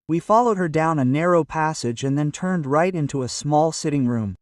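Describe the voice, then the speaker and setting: A man reading a detective story aloud as narrator in an even, measured way. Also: fairly high pitch, no room sound, clean studio sound, recorded from a distance. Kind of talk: scripted audiobook narration.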